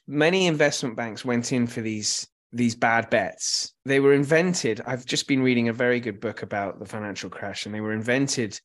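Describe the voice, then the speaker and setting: Guy rambling about a movie, lots of restarts, casual chat. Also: medium pitch. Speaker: film club co-host. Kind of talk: casual film discussion.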